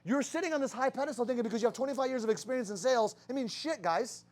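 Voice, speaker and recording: A young man with a high voice gives a blunt, swear-heavy motivational talk to a sales team. He keeps firing rhetorical questions at them. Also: rapid-fire, a little mellow. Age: young adult.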